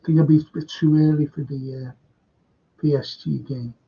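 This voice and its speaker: An older man hosts a live fan stream, reading viewers' comments aloud and responding chattily. His fairly high voice is steady, creaky and husky at a normal pace, heard through dull lo-fi stream audio.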